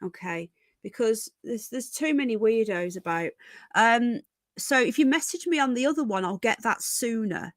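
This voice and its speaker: A woman's voice: fairly high pitch, animated, normal speed, no room sound. A woman hosting a casual livestream from home, chatting and greeting viewers with endearments like darling and sweetheart. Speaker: livestream host.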